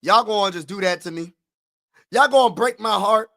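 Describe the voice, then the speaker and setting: A man hosting a casual live stream who talks to his chat in slang, repeats himself, and swings from low mutters to frustrated shouting. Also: normal speed, creaky.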